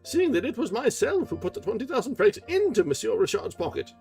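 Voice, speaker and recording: A man's voice: big pitch swings, a little fast, creaky, darkish tone, faint music behind, full character voice. A man reading aloud and voicing a furious, indignant old woman who yelps and chokes with rage. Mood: defiant. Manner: shrill, choked, yelping outbursts.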